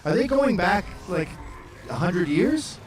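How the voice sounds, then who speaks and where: Man, host, lively swooping pitch, profane, wisecracking, casual chat. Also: slow, faint music behind. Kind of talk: casual comedic chat reacting to maps.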